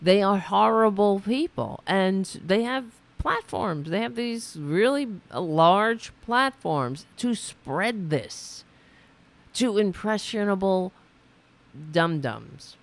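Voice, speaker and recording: A woman hosts a livestream, reacting to clips with indignant sarcasm and plenty of swearing. Her pitch swoops widely as she talks, and she speaks at an unhurried, deliberate pace. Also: animated, gravelly. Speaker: political commentary host.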